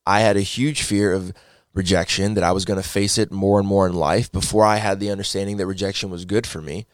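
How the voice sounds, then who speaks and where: A man giving a personal faith testimony, telling his story earnestly and excitably, often repeating words as he gets wound up. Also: sits low, a little fast, no room sound, clean studio sound.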